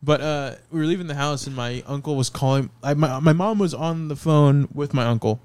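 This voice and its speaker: A man's voice: on the high side, fairly quick, darkish tone, clean tone, no echo. A man casually telling a long rambling story on a podcast, laughing through it. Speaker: podcast co-host.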